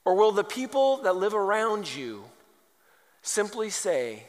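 A man's voice: sits high, big pitch swings, a little slow. A man preaching a sermon, firing off rhetorical questions and telling humorous stories. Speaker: pastor. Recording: long hall reverb.

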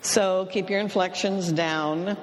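A middle-aged woman from California giving a storytelling talk about communication, speaking slowly and deliberately and acting out the voices she quotes. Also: on the low side, fairly even intonation, long reverb tail.

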